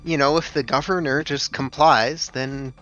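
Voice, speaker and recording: A man's voice: medium pitch, fairly even intonation, moderate pace, fairly bright tone, dull audio, soft background music. A man talking matter-of-factly as a tabletop game player. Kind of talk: casual game chat.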